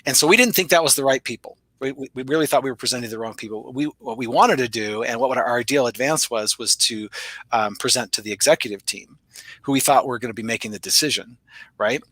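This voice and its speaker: Fast, bright-voiced man telling a sales story. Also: breathy edge, no room sound. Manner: energetic, acts out dialogue with big pitch jumps. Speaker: sales author, guest. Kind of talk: storytelling interview talk.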